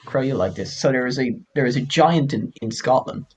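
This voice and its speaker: A young man co-hosting a podcast, retelling myths in a casual, animated and profane way. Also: mid-range voice, brisk. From Ireland. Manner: animated, profane, laughing often. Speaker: podcast co-host. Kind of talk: casual storytelling chat.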